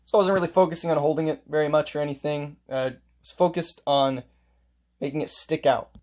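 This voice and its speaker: A man's voice: a little high, steady tone, fairly quick, darkish tone. A man teaching a casual music lesson, explaining note markings step by step and playing examples on his instrument.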